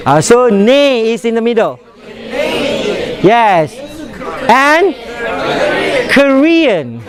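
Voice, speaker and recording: Man as workshop instructor, slow and animated, drilling pronunciation word by word. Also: extremely high pitch. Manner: demonstrative, repeats words for drilling.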